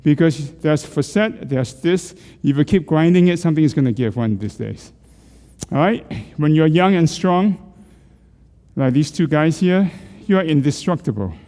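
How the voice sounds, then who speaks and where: A man's voice: fairly high pitch, lively intonation, moderate pace, dark tone, big-room sound. A middle-aged man leading a group through neck exercises. He coaches, asks questions and jokes with the class. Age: middle-aged or older. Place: church hall.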